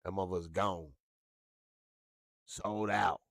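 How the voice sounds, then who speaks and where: A man hosting a casual talk show, ranting with lots of profanity and animated swings into high yelps. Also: takes it slowly, gravelly, pauses often, no echo, clean studio sound. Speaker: show host.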